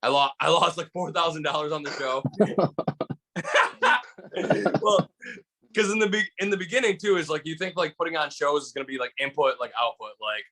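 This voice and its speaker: A comedian from Michigan telling stories in a casual chat, rambling with lots of restarts and fillers. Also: male voice, a little high, lively intonation, normal speed, long pauses, sharp tone. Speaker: guest comedian.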